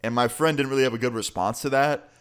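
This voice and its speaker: A man's voice: mid-range voice, fast, clean tone. A man telling a story casually as a vlogger, swearing freely in a laid-back way.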